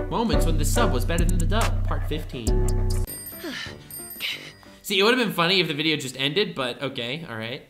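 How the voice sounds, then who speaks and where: A woman hosting a meme reaction video, exclaiming in disbelief and then giving flat mock-deadpan verdicts. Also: low voice, moderate pace, long pauses, over music. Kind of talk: casual reaction commentary.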